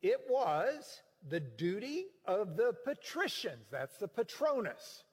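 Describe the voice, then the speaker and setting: A man teaching scripture in a sermon, explaining with emphatic, animated delivery. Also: sits high, slow, breathy edge, long reverb tail. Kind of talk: sermon-style Bible teaching.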